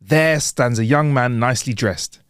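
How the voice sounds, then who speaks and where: A man co-hosting a casual podcast, telling jokes, quick to laugh and to apologize. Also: mid-range voice, fairly bright tone, clear, resonant tone, dry recording, clean studio sound. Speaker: podcast co-host.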